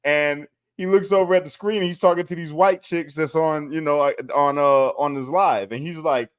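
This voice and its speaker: A man's voice: a little high, steady tone, moderate pace, clean tone. A man co-hosting a podcast, telling stories in a loose, profane way and laughing as he retells funny clips. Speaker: podcast co-host. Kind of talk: casual chat, storytelling.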